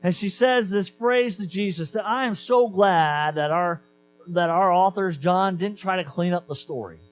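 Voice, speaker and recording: A man preaching a sermon as pastor, conversational and animated, repeating key lines for emphasis. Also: sits high, normal speed, a little hiss or hum, poor audio.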